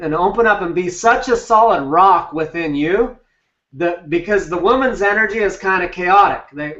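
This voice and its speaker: A man's voice: high-pitched, fairly bright tone, reverberant. A male relationship coach giving a live talk on a group call, blunt and emphatic with casual swearing. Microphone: video call. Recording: distant, dull lo-fi call audio.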